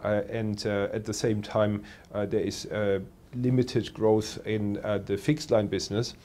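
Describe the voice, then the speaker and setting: Hesitant analyst man, low voice. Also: level tone, dark tone. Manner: measured, hesitant, many fillers. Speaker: telecoms analyst. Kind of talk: interview answers.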